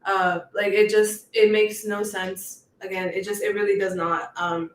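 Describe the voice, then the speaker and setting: A person speaking casually as a guest on a livestream, unhurried and full of fillers like "you know" and "um". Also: medium pitch, flat delivery, roomy sound, distant mic.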